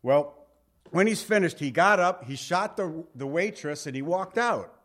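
A man with a voice pitched slightly above the usual, delivering a sermon in a relaxed, conversational way. He reads scripture in old-fashioned wording and slips in homespun asides and little jokes between the verses. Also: unhurried. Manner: conversational Bible teaching with folksy asides and jokes; reads scripture aloud in King James wording. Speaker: pastor.

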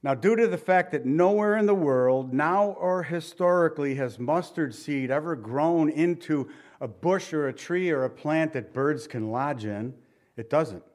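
A middle-aged American man preaching a sermon in a fairly high voice. He talks to his congregation conversationally, asking rhetorical questions and letting his voice fall soft for emphasis. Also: unhurried. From United States. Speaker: pastor.

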